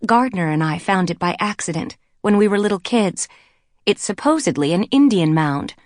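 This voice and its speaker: A woman narrator voicing a tall, commanding young woman who speaks brisk and emphatic. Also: mid-range voice, animated, a little mellow, no echo, clean studio sound, close to an everyday voice.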